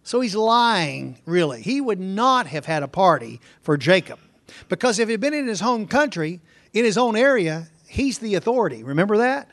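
A man with a noticeably high voice teaches through a scripture passage verse by verse. His delivery is conversational, and he keeps turning to the congregation with rhetorical questions. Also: very animated, normal speed, a bit bright. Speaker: preacher.

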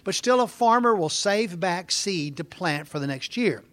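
A man's voice: sits high, lively intonation, moderate pace, a bit bright. A man teaching a conversational Bible lesson, explaining in an informal way with fillers and restarts.

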